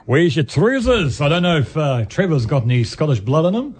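An older man hosting a radio talk show, chatting and airing opinions in quick asides. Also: a little high, expressive, breathy edge. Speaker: radio host. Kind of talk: casual talk radio chat.

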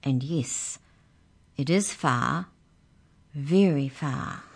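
A woman's voice: sits low, lively intonation, normal speed. A woman voicing a cranky talking mouse that is a tooth fairy, in an exasperated, matter-of-fact manner.

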